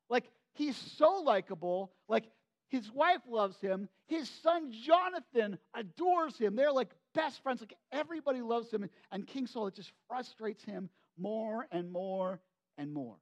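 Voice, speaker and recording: A man preaching a sermon, retelling a Bible story in an animated, conversational way with frequent asides to the congregation. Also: high voice. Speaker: pastor.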